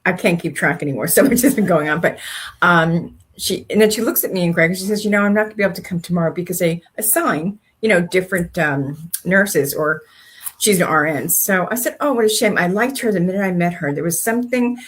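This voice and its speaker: An older woman co-hosting a faith-based talk show, chatting casually and telling animated stories with acted-out dialogue. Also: lowish voice, brisk, slightly rough. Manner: animated storyteller, acts out quoted speech. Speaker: co-host.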